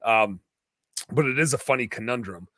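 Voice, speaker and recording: A man's voice: medium pitch, normal speed, fairly bright tone, dry recording. A man talking loosely in a casual podcast conversation, rambling with lots of fillers and restarts. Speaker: podcast guest.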